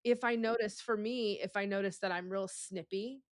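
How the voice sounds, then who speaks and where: An earnest woman hosting a podcast, leaning on repeated words to make her point. Her voice sits at a middle pitch and the sound is dry and close, with no room echo. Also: steady tone, normal speed. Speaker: podcast host. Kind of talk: casual conversation.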